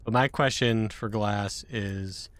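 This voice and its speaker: A man's voice: lowish voice, fairly even intonation, takes it slowly, a bit bright, dry recording. A man hosting a casual podcast chat who jokes and laughs as he talks. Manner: chatty and joking, laughs mid-sentence. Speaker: podcast host.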